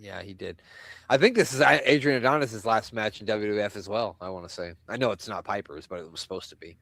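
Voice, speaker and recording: A man's voice: fairly low pitch, fast, creaky, a bit bright, no room sound. A man co-hosting a wrestling podcast in casual chat, loose and profane, laughing often. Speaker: podcast co-host.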